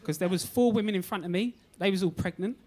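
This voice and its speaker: A man's voice: high-pitched, fast talker, darkish tone. A young man doing a stand-up comedy set on a club stage, telling self-deprecating stories with a cheeky edge. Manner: cheeky, self-deprecating storytelling with acted-out quotes.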